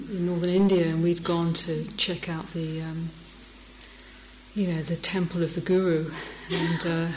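A woman's voice: on the low side, a little hiss or hum. A middle-aged woman, giving a dharma talk as a meditation teacher, telling stories and laughing often. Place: meditation hall. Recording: echoey meditation hall.

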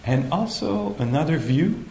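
A man giving a dharma talk at a meditation retreat, slow and hesitant, often pausing to search for the right words. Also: a little high, sing-song, dark tone, slight background noise. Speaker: meditation teacher. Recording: echoey room, faint ambience.

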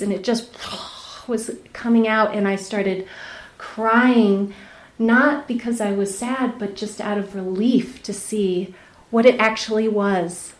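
A woman meditation teacher giving a dharma talk, telling a personal story candidly, laughing often and dropping to soft, near-whispered asides. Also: mid-range voice, slow, echoey room. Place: retreat center meditation hall.

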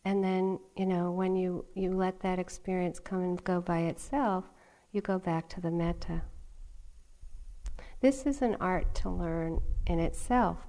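A middle-aged woman teaching meditation in a dharma talk, her voice a touch low. She speaks gently, breaks into soft laughter and drifts into storytelling. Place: retreat meditation hall.

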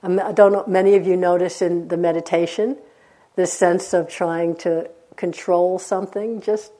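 A woman's voice: lowish voice, fairly even intonation, normal speed. A woman meditation teacher giving a dharma talk, telling stories in a conversational way with frequent laughter. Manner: warm conversational storytelling, laughs often.

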